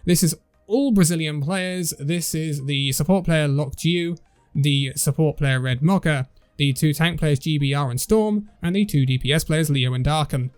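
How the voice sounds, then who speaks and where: A man's voice: a little high, moderate pace, darkish tone, faint music behind. A man hosting a casual esports news roundup, chatty and tripping over player names as he reads through the list.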